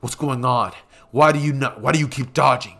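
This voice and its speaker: A man voicing a hot-tempered teenage bully who talks in gruff threats. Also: medium pitch, a little fast, fairly bright tone. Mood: angry.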